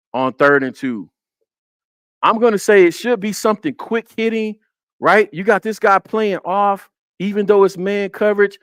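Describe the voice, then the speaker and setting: A man's voice: fairly high pitch, a bit bright, dry recording. A man hosting a casual football film breakdown on a live stream, repeating his points and talking to the chat.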